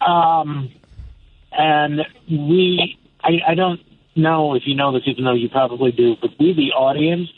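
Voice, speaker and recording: A man's voice: a little high, steady tone, measured pace, dry recording. A man calling in to a radio show from his car, chatting casually and hesitantly, with lots of fillers. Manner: hesitant, rambling, many fillers. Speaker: radio caller. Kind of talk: casual call-in chat. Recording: tinny phone line.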